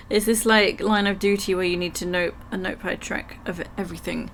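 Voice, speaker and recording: A woman with a croaky throat chatting with her live chat while reading game text aloud. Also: mid-range voice, steady tone, normal speed, slight background noise. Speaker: livestream gamer.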